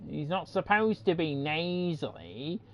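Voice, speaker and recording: An English man chats through a game livestream, often drifting into rants full of swearing. His voice sits a little high, and he talks at an unhurried pace. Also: very animated, muffled recording. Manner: ranting, swearing freely. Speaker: game streamer. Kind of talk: casual livestream commentary.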